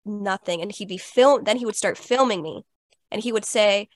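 A young adult woman hosts a podcast, recounting a personal story in a casual, chatty interview style packed with "like" fillers. Her voice is medium-pitched and moderately paced, captured in a dry, studio-quality recording.

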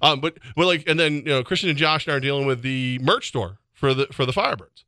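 A man co-hosting a sports radio show in casual banter, telling stories animatedly and jumping into high voices to quote people. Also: fast, dry recording, clean studio sound. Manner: animated storyteller, jumps into high voices when quoting people.

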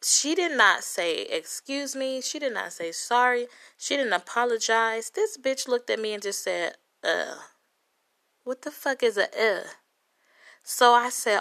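Bright-voiced woman ranting a story. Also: fairly high pitch, expressive, unhurried. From Compton, California. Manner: profane, heated, dramatic retelling with quoted voices. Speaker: vlogger telling a story. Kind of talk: animated storytelling rant.

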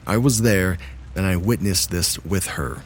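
A man's voice: low-pitched, measured pace. A man in his thirties, narrating true scary stories and chatting casually with his listeners. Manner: relaxed and chatty when speaking to listeners. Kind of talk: reading submitted stories aloud.

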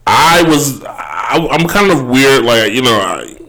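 A man giving casual solo commentary as a podcast host, rambling and correcting himself, with a throaty voice and frequent throat clearing. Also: medium pitch, big pitch swings, slow pace, pushed and bright, slight background noise, low-quality recording. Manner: rambling, self-correcting, laughs often.

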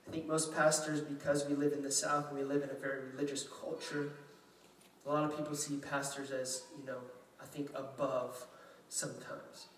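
A man's voice: a little high, level tone, moderate pace, slight background noise. A male pastor from Louisiana preaching in a chatty, self-deprecating way, acting out quotes. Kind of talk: sermon. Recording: echoey room, mic at a distance.

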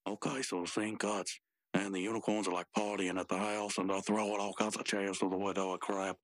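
A man's voice: low voice, level tone, fairly quick, fairly bright tone, no echo. A man co-hosting a podcast, retelling a cartoon episode in loose, rambling storytelling full of asides. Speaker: podcast co-host. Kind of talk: casual chat recapping a cartoon.

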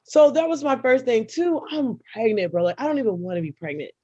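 A young woman, a podcast co-host, telling a personal story in casual, profane chat and breaking into loud, laughing outbursts. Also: on the high side, animated, brisk, breathy edge, no room sound, highs cut off.

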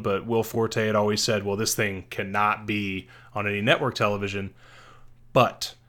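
A podcast co-host with a medium-pitched, slightly bright voice casually rambles through movie recommendations, correcting himself along the way.

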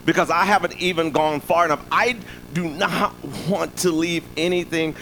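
Guy preaching, kinda high voice, chatty, keeps asking right?, bit of background hum. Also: fairly even intonation, normal speed, sharp tone, poor audio. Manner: conversational preaching with frequent "right?" asides. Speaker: pastor. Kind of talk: sermon.

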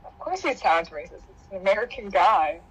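A woman's voice: mid-range voice, sing-song, a little fast, breathy edge, dull audio. A woman co-hosting a casual podcast chat, answering with short, dry, teasing remarks. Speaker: podcast co-host.

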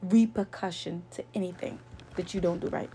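Woman, casual vlog storyteller, gravelly texture, earnest lecturing delivery with lots of repetition. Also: fairly low pitch, fairly even intonation, moderate pace, dark tone, a little hiss or hum. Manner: earnest, lecturing, repeats points for emphasis. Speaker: vlogger.

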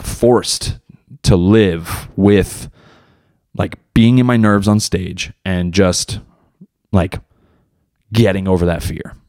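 A man's voice: fairly low pitch, a little mellow, no room sound, clean studio sound. A young man hosting his own podcast in casual solo talk, loose and rambling, heavy on slang and swearing. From United States. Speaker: podcast host and beginner stand-up comic.

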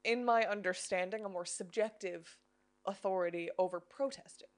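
A woman's voice: mid-range voice, moderate pace. Female co-host, casual and talkative, plain explainer who often asks "right?". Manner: chatty, explains simply, frequent "you know" and "right?". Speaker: podcast co-host. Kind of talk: casual faith-based chat.

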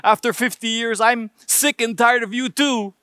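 Man doing a tart, hard-of-hearing old wife, high pitched, dry close sound. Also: fairly even intonation, normal speed, pushed and bright, clear, resonant tone, no room sound. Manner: tart comeback. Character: hard-of-hearing elderly wife, sharp-tongued.

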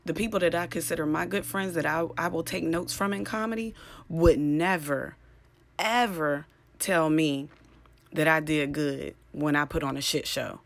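Late at night, a young woman hosts a solo podcast, sounding tired and rambling as she keeps trailing off, interrupting herself, and restarting. Her voice is low, with a steady tone and moderate pace.

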